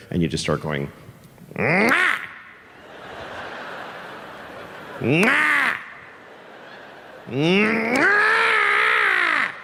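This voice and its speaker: A man doing live stand-up comedy, animated and acting out voices and sound effects. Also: on the high side, background noise. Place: large live comedy venue. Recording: reverberant live venue with faint ambience.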